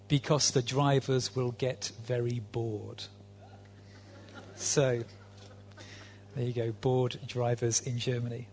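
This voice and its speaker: A man, a visiting preacher giving a sermon in a conversational, dry-humored way with frequent fillers. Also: a little high.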